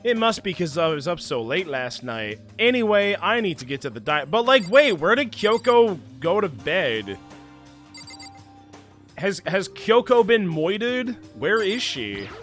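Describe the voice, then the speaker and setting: A man streaming a video game, commenting and reading along in an excitable, jokey way. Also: high voice, unhurried, faint music behind. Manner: excitable, jokey, trails into mumbles. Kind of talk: gameplay commentary and reading aloud.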